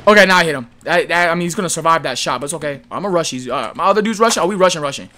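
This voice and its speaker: A young man giving casual, excitable gameplay commentary full of slang, with game gunfire behind him. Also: a little high, very fast. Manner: excitable, yelling at enemies, slangy. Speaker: gaming YouTuber.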